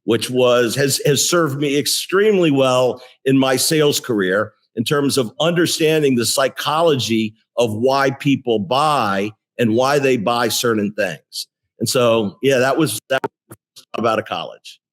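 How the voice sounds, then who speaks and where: A man in his sixties, a company CEO, telling career stories in a relaxed interview, with frequent restarts and fillers. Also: medium pitch, measured pace. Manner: animated storyteller with many restarts. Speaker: guest, tech company CEO. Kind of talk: casual interview storytelling.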